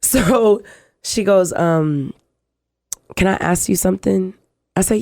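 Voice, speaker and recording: A middle-aged woman, a guest telling her life story in an interview, animated and acting out the voices in her quotes. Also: mid-range voice, slow pace, pauses often, dry recording, studio quality.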